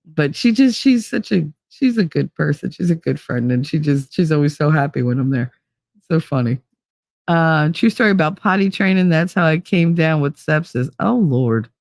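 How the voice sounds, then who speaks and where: A woman's voice: low-pitched, animated, normal speed, darkish tone, dry recording, studio quality. A woman in her fifties hosting a casual livestream chat, blunt and swearing freely, greeting viewers with pet names. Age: 50s. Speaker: livestream host. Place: home.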